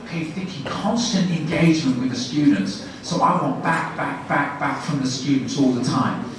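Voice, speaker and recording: A man giving a guest lecture, demonstrating classroom teaching with brisk questions and quick praise. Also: fairly high pitch, slight background noise. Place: university lecture room. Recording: echoey room from a distant mic.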